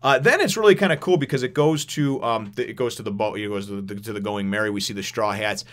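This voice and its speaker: A man's voice: lowish voice, fast, fairly bright tone. A man giving a casual spoken review, rambling with lots of fillers and restarts, and laughing as he retells scenes. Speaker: manga chapter reviewer.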